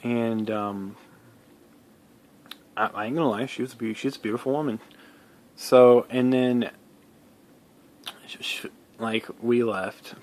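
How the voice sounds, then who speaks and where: A man's voice: medium pitch, fairly even intonation, slow pace, pauses often, darkish tone. A man telling a personal story in a casual vlog, rambling, with many fillers, restarts and some swearing.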